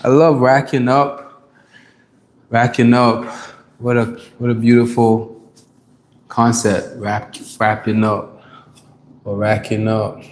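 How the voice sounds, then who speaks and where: A man's voice: medium pitch, level tone, slow pace, pauses often. A man from Ghana chatting live with viewers during his gym workout, greeting them by name and hyping them up. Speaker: fitness livestreamer. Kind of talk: live workout stream chat.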